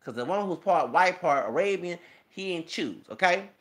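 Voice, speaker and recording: A man's voice: high-pitched, lively intonation, moderate pace, fairly bright tone. A man ranting emotionally and profanely in his own vlog, delivering celebrity gossip commentary. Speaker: YouTuber.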